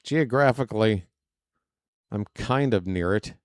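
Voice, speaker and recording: A man doing fan play-by-play commentary of a baseball game, excitable and prone to rambling asides between pitches. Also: measured pace, no room sound, studio quality. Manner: excitable, shouts on big plays, rambling asides.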